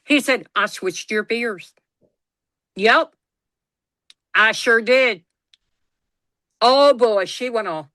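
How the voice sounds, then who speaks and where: A woman tells a family story over casual chat. Her voice is bright and a little high, and she acts out everyone's lines and swears freely. The recording is close and dry. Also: extremely slow, long pauses, no room sound. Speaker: guest storyteller.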